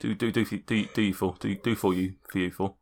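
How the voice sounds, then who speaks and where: A man's voice: low-pitched, steady tone, brisk. A man voicing a plain, flustered farmer in his fifties who stumbles over and repeats his words. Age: 50s. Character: plain middle-aged male farmer, flustered.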